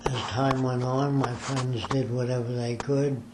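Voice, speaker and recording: A man's voice: mid-range voice, flat delivery, unhurried. Older male interviewee, rambling storyteller, roomy sound with faint background noise. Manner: rambling storyteller, acts out quoted voices. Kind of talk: recounting his life in an interview. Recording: echoey room with faint ambient noise.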